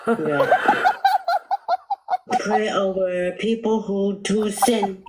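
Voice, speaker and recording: A woman's voice: mid-range voice, steady tone, very slow, noisy background. A woman calling into a live stream who speaks in an earnest, preachy way. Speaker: caller. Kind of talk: casual call-in chat.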